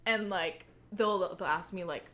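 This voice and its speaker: A woman's voice: lowish voice, measured pace, fairly bright tone. A young woman as a podcast guest, chatting casually with many fillers and breaking into laughter as she tells stories. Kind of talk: casual interview chat.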